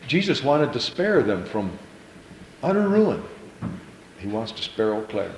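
A male pastor preaching an impassioned sermon in a church, repeating phrases and stumbling into quick restarts as he builds. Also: mid-range voice, big pitch swings, darkish tone, reverberant, a little hiss or hum, rough recording.

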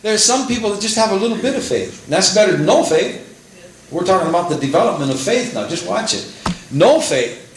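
A man preaching a sermon, quoting scripture and acting out prayers in an animated way. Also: fairly high pitch. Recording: very echoey room with faint hiss.

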